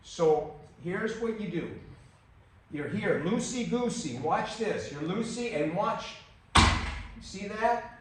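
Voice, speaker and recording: A man teaching striking technique in a casual demonstration, loose and emphatic, punctuating moves with "boom" and "bam", recorded on a camera mic at a distance. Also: animated, slow pace, noisy background. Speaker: martial arts instructor. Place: room, filmed on own camera. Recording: very echoey room, voice off-mic.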